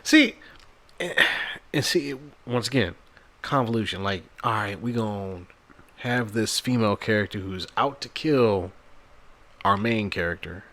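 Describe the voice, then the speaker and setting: Casting: male podcast co-host, bright and forceful tone, slangy and profane, jumps in often. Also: lowish voice, expressive. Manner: slangy, profane, quick interjections. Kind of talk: casual chat recapping a film.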